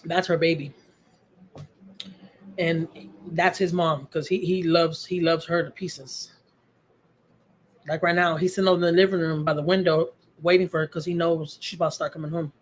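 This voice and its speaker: A woman's voice: fairly low pitch, fairly even intonation, moderate pace, long pauses, a little hiss or hum. A middle-aged woman, hosting a casual livestream from home, chatting with viewers in a heartfelt way and repeating phrases for emphasis. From Texas. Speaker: livestream host. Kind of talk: casual livestream chat answering viewer comments.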